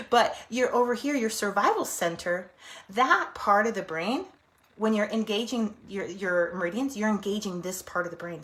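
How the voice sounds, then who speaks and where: Middle-aged female therapist, chatty and animated, voices inner thoughts mid-talk, medium pitch. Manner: animated, acts out inner voices, laughs often. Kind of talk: casual teaching talk.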